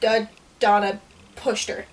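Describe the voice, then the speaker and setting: A young woman co-hosting a casual reaction chat, animated, swearing and laughing a lot. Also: medium pitch, takes it slowly. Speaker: reaction channel co-host. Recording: distant mic.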